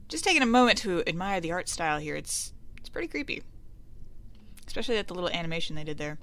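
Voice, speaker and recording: A woman giving wry let's play commentary, often in hushed asides. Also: lowish voice, very animated, fast. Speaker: game streamer.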